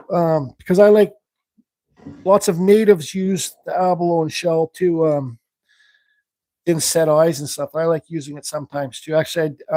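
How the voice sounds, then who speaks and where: A man's voice: on the high side, a little mellow, no room sound. A man hosting a live carving stream, rambling casually as he works and answers viewers. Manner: rambling, thinks aloud while working; reads viewer questions aloud. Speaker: woodcarving livestream host. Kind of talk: casual live demonstration chat.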